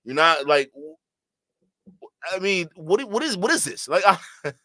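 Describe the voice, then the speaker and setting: A man's voice: high-pitched, sing-song, measured pace, pushed and bright, no room sound. A man hosting a reaction stream, laughing often and talking in slangy disbelief to his chat. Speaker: host reacting to a clip. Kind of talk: casual reaction stream talk.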